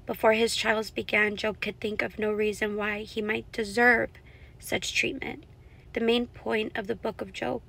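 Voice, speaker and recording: A woman's voice: on the high side, flat delivery, a little slow, gravelly, a bit bright. A woman vlogger reading scripture aloud to her camera and reflecting on it in an earnest, heartfelt way. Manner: earnest, heartfelt, openly emotional. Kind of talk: scripture reading with personal commentary. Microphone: self-recorded on camera.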